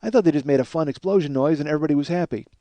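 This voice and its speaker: A man's voice: fairly high pitch, very fast, warm tone, dry recording, lo-fi sound. A man hosting his own podcast, rambling and mocking himself, tired and yawning, swearing a lot. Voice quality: profane, self-mocking, frequent restarts and yawns. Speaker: podcast host. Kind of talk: rambling self-deprecating podcast monologue.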